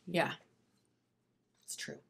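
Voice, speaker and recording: A woman's voice: drawn-out words, a bit bright. A woman in casual on-camera chat, teasing and chatty with a friend. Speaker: co-host of makeup channel collab.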